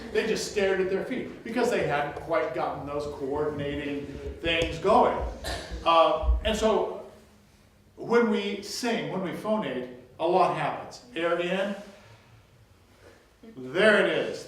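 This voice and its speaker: An older man giving a music workshop lecture, lively and demonstrative, telling stories and breaking into short sung snippets. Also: a little high. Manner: lively, demonstrative, tells anecdotes, sings snippets. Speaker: music teacher. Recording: very echoey, distant, faint hiss.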